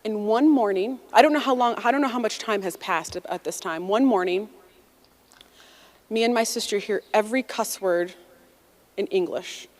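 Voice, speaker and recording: A woman in her forties from the United States, telling a personal story to an audience in a lively, conversational way and acting out the quotes. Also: medium pitch.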